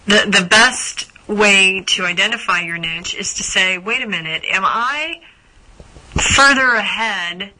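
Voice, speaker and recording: A woman's voice: medium pitch, sharp tone, a little hiss or hum, low-quality recording. A woman hosting a live business coaching call for members, chatty and full of fillers and restarts.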